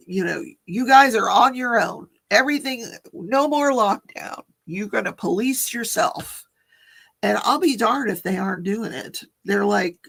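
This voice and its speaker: This livestream host has a low-leaning voice that's gravelly and husky. She keeps the chat casual, reading viewer comments, spinning stories and breaking into frequent laughter.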